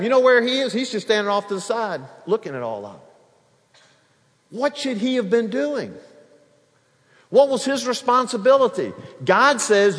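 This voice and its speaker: High-voiced preacher guy, really animated, big echoey church hall. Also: moderate pace. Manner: animated, acts out dialogue, varies loudness. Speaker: pastor. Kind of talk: expository sermon. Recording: long hall reverb.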